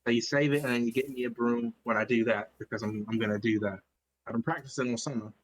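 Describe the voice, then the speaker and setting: A man's voice: medium pitch, steady tone, quick pace, poor audio. A man speaking casually and a little hesitantly as a player in a tabletop game. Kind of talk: in-character tabletop play.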